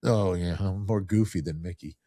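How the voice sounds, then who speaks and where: Chatty low-voiced New host. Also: male voice, normal speed, dark tone, no echo, clean studio sound. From New Jersey. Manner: chatty, joking, storytelling. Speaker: podcast host. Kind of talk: casual interview chat.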